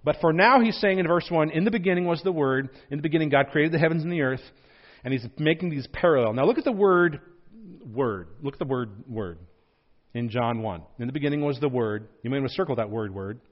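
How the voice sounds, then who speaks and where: A man in a church pulpit gives a teaching sermon in a slightly high voice. He spells words out and repeats points for those taking notes, slowing down and getting louder for emphasis. The recording sounds muffled and dull. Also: lively intonation. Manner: slows and rises in volume for emphasis. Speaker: pastor. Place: church sanctuary.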